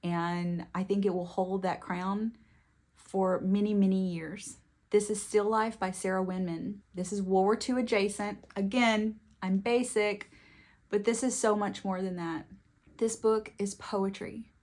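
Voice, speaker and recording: Woman book vlogger, mid-pitch, effusive, quick bursts, tearful at times. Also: steady tone, darkish tone. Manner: gushing, emotional, quick bursts. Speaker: book reviewer. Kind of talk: casual book talk to camera.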